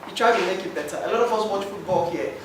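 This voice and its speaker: A man's voice: sits high, fast. Guy giving a heated comment at a forum, far from the mic, big echoey hall, noisy. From Nigeria. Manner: emotional, pleading. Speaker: forum participant. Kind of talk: impassioned public comment. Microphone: handheld mic.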